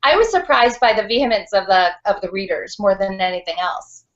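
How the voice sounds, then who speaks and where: A woman's voice: mid-range voice, lively intonation, fairly quick. A woman author speaking frankly and outspokenly in a video call interview, with lots of fillers. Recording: dull lo-fi video call audio.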